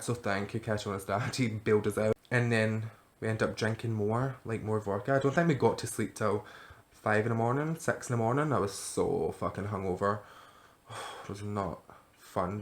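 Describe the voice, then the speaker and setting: A young man from Scotland with a Glaswegian accent, chatting casually to camera as a vlogger and telling a night-out story with plenty of swearing. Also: on the low side.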